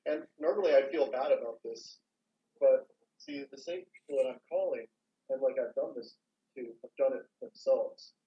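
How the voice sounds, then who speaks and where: A young man, co-host of a casual podcast, rambling through lively work anecdotes. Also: mid-range voice, normal speed. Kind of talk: casual chat. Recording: dull lo-fi mic.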